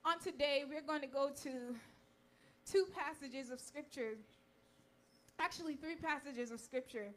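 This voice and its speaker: A young woman with a noticeably high voice speaks to a church congregation. She moves between grateful acknowledgments and measured scripture reading, steady and earnest. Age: young adult. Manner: fervent tearful prayer, then warm measured preaching. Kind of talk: sermon. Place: church sanctuary.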